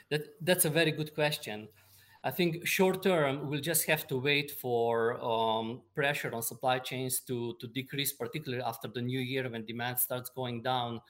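Male expert guest, mid-pitched, measured and halting delivery. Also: a bit bright. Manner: measured, explanatory, many ums and uhs. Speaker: supply chain expert guest. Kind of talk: remote interview answers.

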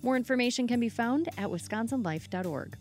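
A woman producer presenting a public radio segment in a clear, measured announcing voice. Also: on the high side, animated, a little mellow, soft background music.

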